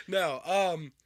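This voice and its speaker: Male podcast co-host, bright tone, rambling casual delivery. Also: sits high. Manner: rambling, many fillers and restarts; laughs often. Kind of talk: casual chat.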